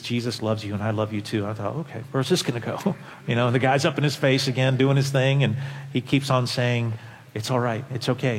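A man preaching a sermon as a pastor, impassioned, swinging from quiet, low passages to loud, high peaks. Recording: long hall reverb.

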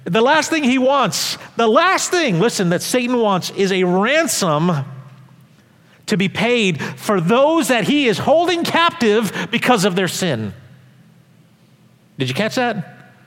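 A pastor playing Jesus, pleading earnestly and insistently with a friend in a church hall with long reverb. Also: male voice, very high-pitched, sing-song, takes it slowly, a bit bright, voice pushed up, full character voice. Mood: urgent. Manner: urgent, insistent preaching.

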